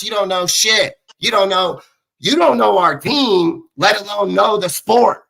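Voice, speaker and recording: A man in his thirties hosting a show, ranting angrily and profanely at his critics. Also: sits high. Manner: profane, combative, shouting at critics. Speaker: show host. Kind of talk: angry ranting monologue.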